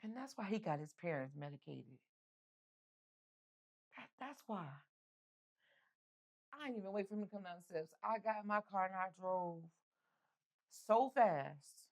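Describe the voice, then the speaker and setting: A woman's voice: medium pitch, expressive, a little fast. A middle-aged woman, an interview guest, telling her own story candidly and acting out the people in it. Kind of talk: emotional personal storytelling.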